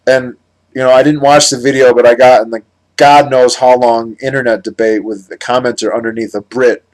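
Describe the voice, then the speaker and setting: An American man in the middle of a heated vlog rant, by turns sarcastic and exasperated. He rambles and stops to correct himself often, in a voice of middle pitch. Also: steady tone, fairly quick. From United States. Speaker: political commentator. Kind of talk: ranting monologue vlog.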